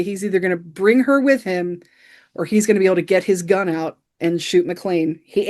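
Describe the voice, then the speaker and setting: Recapping a film scene by scene, this woman co-hosts a podcast in a relaxed, chatty way full of "you know" fillers. Her voice sits at a medium pitch and sounds a little mellow.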